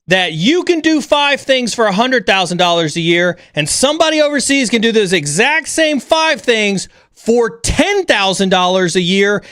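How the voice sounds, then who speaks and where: A man's voice: very high voice, fairly bright tone, dry recording, studio quality. A man hosting a livestream chat, talking bluntly and with lots of energy, sometimes mocking others in an overreactive voice. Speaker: stream host.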